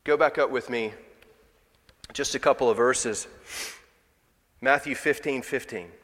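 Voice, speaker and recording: Man preaching, mid-pitched, conversational, rhetorical questions, long church reverb. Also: measured pace, a bit bright. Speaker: pastor. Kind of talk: sermon. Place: church sanctuary.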